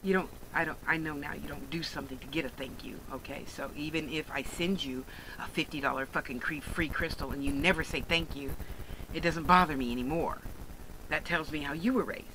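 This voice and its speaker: A woman's voice: deep voice, brisk, noisy background. A woman who sells jewelry online, ranting bluntly and sarcastically in a profane vlog monologue. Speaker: online jewelry and crystal seller.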